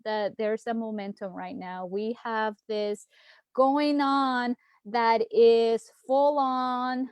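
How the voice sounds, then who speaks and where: A woman's voice: on the high side, steady tone, takes it slowly, darkish tone, clean tone. A woman hosting a casual livestream town hall as a political candidate, talking from home in a chatty, heartfelt way with lots of fillers. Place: at home, streaming live.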